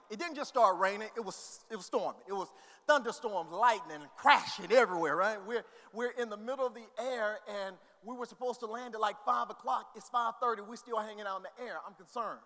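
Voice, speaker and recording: High-voiced preacher, church reverb. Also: male voice. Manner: builds from quiet scripture reading to shouted preaching. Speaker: pastor. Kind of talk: sermon. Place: church hall. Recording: long reverb of a church hall.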